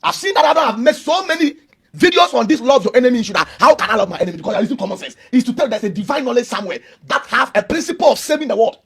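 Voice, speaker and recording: A man's voice: very high-pitched, lively intonation, rapid-fire, a bit bright, breathy edge. A man, arguing emphatically and preachily in a heated religious debate and repeating his points. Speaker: Christian debater.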